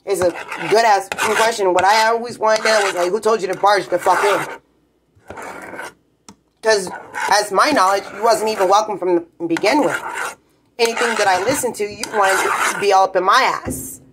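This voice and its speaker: A woman vents in a rambling, profane rant, talking bluntly to her viewers. Her voice sits at a middle pitch for a woman. A steady hiss of noise and scattered clicks run under the recording. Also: moderate pace. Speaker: vlogger.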